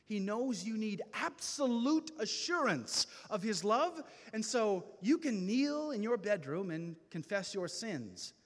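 High-pitched impassioned male preacher in a hall. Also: sing-song. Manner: impassioned, preacherly with slow dramatic pauses. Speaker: speaker at a men's gathering. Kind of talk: testimony sermon. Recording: reverberant hall.

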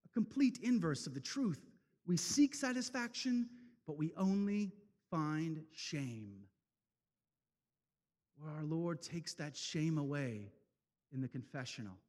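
A man preaching an impassioned sermon, swinging from loud declarations to hushed, slow passages. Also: on the high side, animated, in a large hall. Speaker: speaker at a men's event.

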